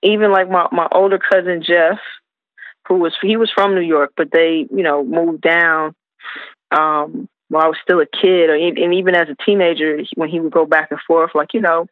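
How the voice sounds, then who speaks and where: Woman, hip hop artist guest, relaxed and rambling, phone-like sound, dry. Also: fairly low pitch, moderate pace, dry recording. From South Carolina, USA. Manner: relaxed, rambling, many fillers. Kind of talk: casual interview storytelling.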